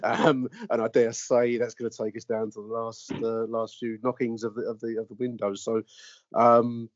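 A man's voice: medium pitch, level tone, moderate pace, no echo, highs cut off. A man hosting a casual football podcast, rambling with lots of fillers and restarts. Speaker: podcast host.

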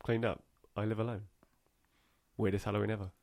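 Male podcast co-host, lowish voice, easygoing storyteller who laughs a lot. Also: little pitch movement, brisk, gravelly, a little mellow. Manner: laughs often, tells stories with a punchline. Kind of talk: casual podcast banter, reading listener stories.

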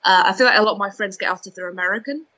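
Bright-voiced Scottish woman with light accent. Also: mid-range voice, rapid-fire, low-quality recording. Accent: light Edinburgh Scottish. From Scotland, Edinburgh. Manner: chatty, self-deprecating, many restarts. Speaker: comedian guest. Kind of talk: casual podcast chat.

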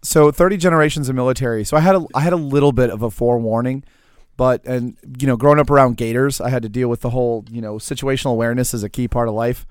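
A man from Louisiana, a veteran guest on a podcast, telling stories with quick, wry, deadpan humor. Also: medium pitch, smooth, dry recording, studio quality. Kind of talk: casual storytelling.

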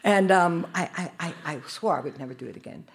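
An older woman and choreographer, telling animated stories in a live interview and acting out the dialogue. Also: on the low side, quick pace, breathy edge. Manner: animated storyteller acting out dialogue, laughing often. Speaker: choreographer guest. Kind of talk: live podcast interview storytelling. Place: live at a dance festival.

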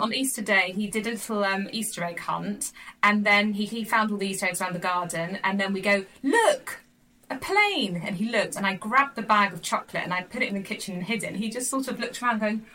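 A woman in her thirties co-hosting a casual podcast chat, talking in quick restarts and acting out voices when she tells stories. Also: mid-range voice, pushed and bright, low-quality recording. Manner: chatty, restarts a lot, acts out voices in anecdotes. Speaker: podcast co-host. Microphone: video call.

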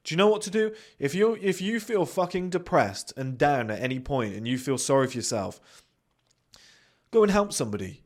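A man's voice: on the high side, sing-song, moderate pace. A young man hosting a podcast, giving a blunt, sweary motivational monologue. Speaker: podcast host.

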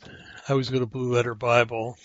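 A man hosts his own religious podcast and reads scripture aloud with halting earnestness, pausing and correcting himself often. His voice sits in a middle pitch. The recording is dry, close and a little dull. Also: level tone, no echo. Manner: halting, many ums and self-corrections, earnest. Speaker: podcast host.

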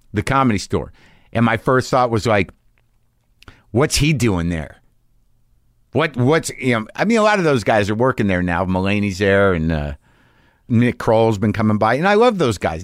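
A man's voice: fairly low pitch, dry recording, clean studio sound. A middle-aged man hosting a podcast, telling a rambling, profane, self-mocking story in a casual monologue. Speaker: podcast host.

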